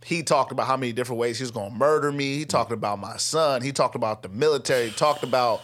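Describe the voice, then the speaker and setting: A young man telling a story in casual chat, slangy and animated, acting out what people said and laughing often. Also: medium pitch, fast. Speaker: guest, rapper.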